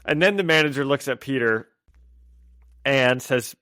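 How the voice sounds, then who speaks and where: A man's voice: medium pitch, moderate pace, a bit bright, no echo, studio quality. A man co-hosting a podcast, recapping comic scenes at length with frequent laughter. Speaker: podcast co-host. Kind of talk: casual comic book discussion.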